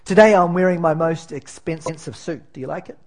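A man's voice: on the high side, fairly quick, darkish tone. A man preaching as pastor in a church, conversational and self-deprecating, with many fillers and restarts. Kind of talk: sermon.

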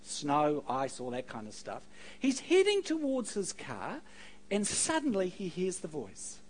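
A man preaching a sermon, telling stories with animated delivery and joking asides to the congregation. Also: high-pitched, measured pace, rough recording. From New Zealand. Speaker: pastor.

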